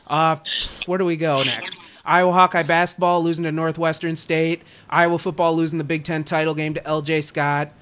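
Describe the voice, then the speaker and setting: A man's voice: on the high side, level tone, normal speed, a bit bright, slight background noise. A young man co-hosting a casual sports podcast, ranting as an exasperated fan. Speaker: podcast co-host.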